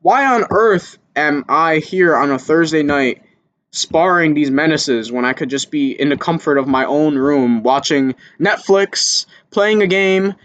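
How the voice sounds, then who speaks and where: An amateur boxer telling a candid, casual story to camera, swearing freely and getting higher and louder when he relives his panic. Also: a little slow, no echo, highs cut off.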